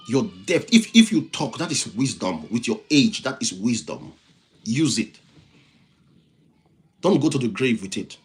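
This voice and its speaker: Animated man preaching a motivational livestream. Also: mid-range voice, unhurried, pauses often. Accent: non-native English. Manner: preachy, repeats phrases for emphasis; reads viewer comments and thanks them by name. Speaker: livestream host, motivational speaker.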